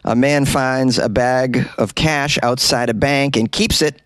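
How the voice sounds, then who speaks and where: A man's voice: medium pitch, steady tone, measured pace, dry recording. A man hosting a comedic news podcast, reading odd stories with wry, joking asides, recorded in a closet. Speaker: podcast host.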